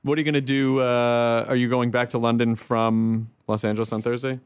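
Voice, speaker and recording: A man's voice: mid-range voice, little pitch movement, a little fast, clean tone, dry recording. A man from the American South hosting a talk show, chatting playfully and teasing his guests. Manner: playful, teasing, laughs often. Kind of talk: casual chat.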